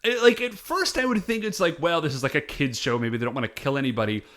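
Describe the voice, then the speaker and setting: A man's voice: on the high side, quick pace, fairly bright tone. A man co-hosting a podcast, retelling a TV episode in a rambling, casual way with quoted asides. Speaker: podcast co-host. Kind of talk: casual episode recap chat.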